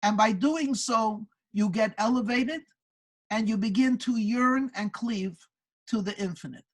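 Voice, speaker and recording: A woman's voice: fairly high pitch, a little slow, husky, poor audio. A woman speaking at a religious gathering, telling a Hasidic story and reflecting on it earnestly, often restarting her words. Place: synagogue community gathering.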